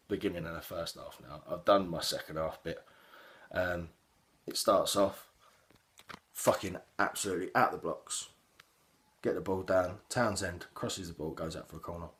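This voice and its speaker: A young man gives a casual, sweary, rambling reaction to a football match he watched as a fan. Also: deep voice. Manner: heavy swearing, animated, rambling with fillers.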